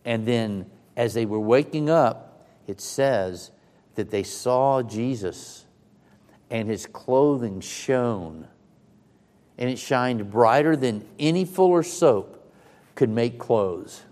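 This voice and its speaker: A man's voice: medium pitch, animated, slow, darkish tone. A man preaching a sermon in a dramatic, emphatic way, sometimes speaking in the first person of the scripture he retells. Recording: long reverb of a large hall.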